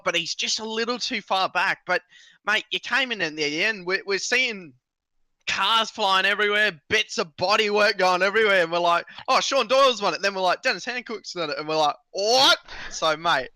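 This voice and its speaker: A man interviews racers on a stream, matey and teasing. His voice is very bright and forceful, smooth and a touch high, recorded dry and close. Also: dry recording. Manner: matey, says "mate" constantly, teasing. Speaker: esports race co-host. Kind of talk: casual live-stream interview chat.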